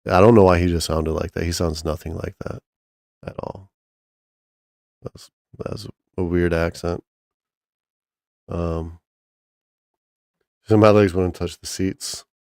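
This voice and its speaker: Low gravelly man rambling crudely. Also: fairly even intonation, slow, long pauses, darkish tone, no echo, studio quality. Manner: rambling, crude, joking, many restarts. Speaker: streamer. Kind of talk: casual profane chat with chat and co-host.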